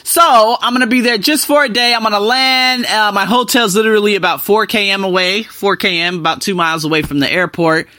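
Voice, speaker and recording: A young man chatting casually to his viewers as a vlogger, animated and talkative, jumping between loud bursts and quiet asides. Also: high voice, a little fast, hardly any pauses, dry recording, clean studio sound. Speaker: vlogger living abroad. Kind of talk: casual talk to camera.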